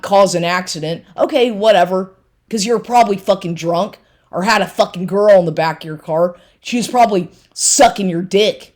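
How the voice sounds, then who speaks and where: A woman venting in an angry personal rant, bitter and accusatory, with swearing in nearly every line. Her voice sits at an ordinary middle pitch for a woman. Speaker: vlogger.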